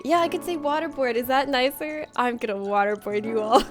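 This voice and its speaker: A woman's voice: sits high, normal speed, faint music behind. A woman hosting a casual livestream from a room at home, reading out viewer comments in a playful, teasing way and laughing often. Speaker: livestream host.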